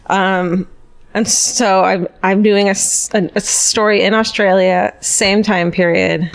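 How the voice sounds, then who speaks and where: A woman's voice: mid-range voice, steady tone, takes it slowly, clear, resonant tone. An American woman co-hosting a podcast, telling a story in a loose, chatty way with lots of swearing and filler words. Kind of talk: casual chat.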